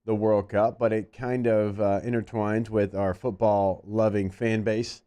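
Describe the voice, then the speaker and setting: A man's voice: fairly low pitch, level tone, measured pace, warm tone, clean tone. A man co-hosting a sports radio show, upbeat as he sets up a video clip. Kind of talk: casual show chat.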